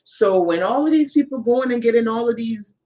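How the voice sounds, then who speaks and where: A woman's voice: on the high side, animated, a little fast, dark tone. A woman co-hosting a live-streamed spiritual talk, explaining emphatically and speaking straight to the viewers. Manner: emphatic, addresses viewers directly. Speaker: co-host of a spiritual channel.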